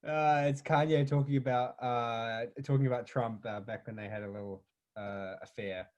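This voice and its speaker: A young man, co-hosting a casual podcast with wry remarks that trail off quietly. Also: medium pitch, fairly even intonation, normal speed, highs cut off. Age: young adult. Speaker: podcast co-host. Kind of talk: casual chat.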